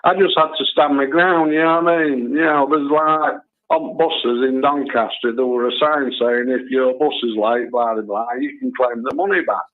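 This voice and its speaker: This phone-in caller is a man of medium pitch who talks at a moderate pace with fairly even intonation and hardly pauses at all. On the tinny line, he rambles through a story for the call-in show, full of chatty fillers such as "you know" and "and all that."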